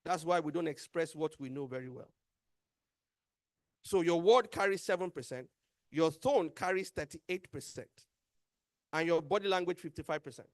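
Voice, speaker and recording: A man's voice: on the high side, moderate pace, long pauses, no echo, clean studio sound. A man with a Nigerian accent giving a motivational training talk, emphatic and repeating key words as he quizzes his audience. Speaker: workshop trainer.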